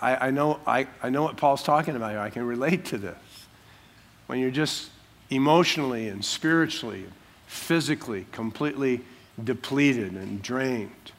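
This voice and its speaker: A man, a pastor preaching a sermon and teaching through a passage verse by verse, breaking into small acted-out scenes in softer voices. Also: medium pitch. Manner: animated, acts out little scenes in dropped voices.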